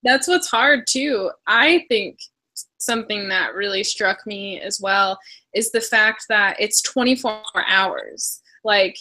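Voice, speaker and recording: Woman w/ a bright voice, chatty book talk on a video call, laughs a lot. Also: mid-range voice, slow pace. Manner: chatty, laughs often, hedging. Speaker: book club host. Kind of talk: casual video call chat.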